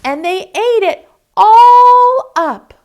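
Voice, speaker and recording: A woman voicing a tiny baby polar bear girl with a high, squeaky voice in a storybook read-aloud. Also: expressive, drawn-out words, lo-fi sound, full character voice. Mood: upset. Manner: wailing, loud.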